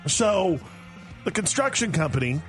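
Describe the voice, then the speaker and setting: A man's voice: sits high, measured pace, soft background music. A man hosting a radio morning show, joking and ranting in casual banter. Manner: animated and joking, laughs often.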